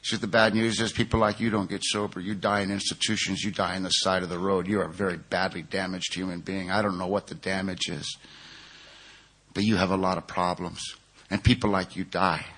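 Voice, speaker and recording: A man voicing an old male sponsor who speaks in a soft, grave and steady way. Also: deep voice, fairly quick.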